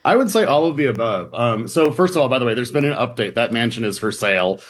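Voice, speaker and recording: A man's voice: mid-range voice, lively intonation, fast talker. A man talking as a reporter guest, explaining at length in a loose, rambling way with many fillers and restarts, sometimes mimicking other voices in jest. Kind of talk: casual explanatory chat.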